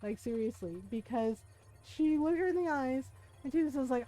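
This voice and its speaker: A woman's voice: sits high, normal speed, soft background music. A woman streamer telling a personal story in casual chat, full of "right?" and "like", acting out the people she quotes. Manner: animated retelling, acts out quoted people; many fillers like 'right?' and 'like'.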